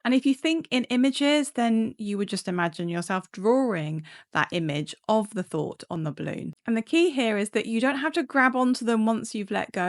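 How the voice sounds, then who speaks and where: A woman clinical psychologist explaining coping techniques in a calm, measured way. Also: on the high side. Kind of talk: instructional talk to camera.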